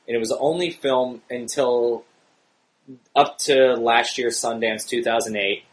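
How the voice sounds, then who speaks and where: A man hosting a casual podcast chat, animated and excitable, his voice jumping up when worked up. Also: medium pitch, unhurried, poor audio. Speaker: podcast host.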